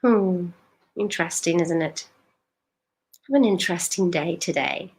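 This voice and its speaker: A woman's voice: on the low side, a little slow, a little mellow. A woman, a life coach talking directly to a live-stream audience in an emphatic, questioning way.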